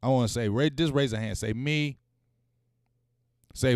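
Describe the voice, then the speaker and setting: A man hosting a casual sports talk stream, animated and full of slang. He speaks straight to his viewers at a medium pitch. The sound is dry and close. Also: measured pace, pauses often, dry recording. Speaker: sports talk show host.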